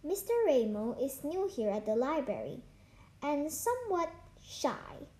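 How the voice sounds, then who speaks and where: A woman's voice: sits high, big pitch swings, measured pace, dark tone. A woman voicing an eccentric showman librarian. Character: eccentric, showy male library owner.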